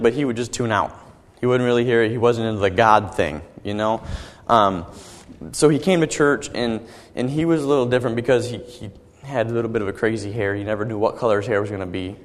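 Earnest young man preaching in a reverberant hall. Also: lowish voice. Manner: halting, earnest, repeats words often. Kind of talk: personal testimony sermon.

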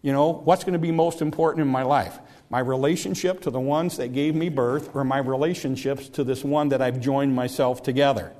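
Man preaching in a chatty, halting way. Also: mid-range voice, fairly even intonation, darkish tone. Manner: conversational, repeats words and restarts often. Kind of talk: sermon.

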